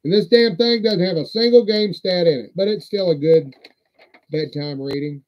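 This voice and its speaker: A livestream host with a high voice talks at a moderate pace in a folksy, profane, meandering way during a casual show-and-tell. The stream audio is dull and lo-fi.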